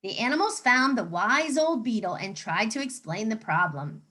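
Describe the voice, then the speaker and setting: A woman teacher reading a picture book aloud to children, animated and coaxing, pausing to ask them questions. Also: fairly high pitch.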